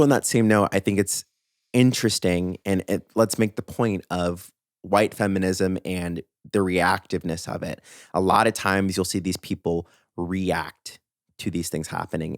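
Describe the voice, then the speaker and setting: Deep-voiced man giving blunt pop opinions. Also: no echo, studio quality. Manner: animated, opinionated, talks in bursts with fillers and emphatic asides. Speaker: podcast host. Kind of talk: opinionated pop culture commentary.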